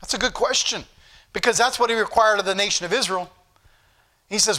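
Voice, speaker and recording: A man's voice: sits high, a little fast, long pauses, sharp tone. A man preaching a Sunday school sermon, earnest and rising to fervent questions, with old-fashioned scripture phrasing.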